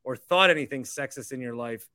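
A man's voice: mid-range voice, a little fast, pushed and bright, clear, resonant tone. A man hosting a call-in podcast, chatting casually and teasing his callers. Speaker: podcast host.

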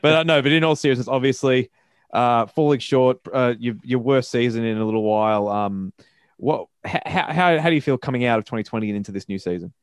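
A young Australian man hosting a casual sports podcast, joking and quick with lots of fillers. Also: mid-range voice, clean tone, dry recording, studio quality. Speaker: podcast host.

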